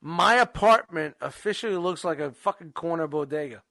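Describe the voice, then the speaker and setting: Male podcast co-host, high gravelly voice, dry close mic, casual and profane. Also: animated, normal speed, bright, forceful tone, no echo. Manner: loose and profane, bursts into mock-announcer hype. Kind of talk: casual chat.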